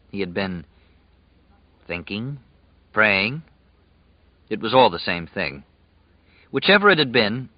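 Low-voiced man narrating an audiobook. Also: no echo, dull audio. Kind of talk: scripted narration.

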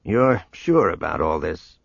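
A man voicing a laid-back male smuggler who speaks in a relaxed, dry way. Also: deep voice, slow, vocal fry, husky, dry recording, lo-fi sound, voice pushed down, exaggerated voice. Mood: wry.

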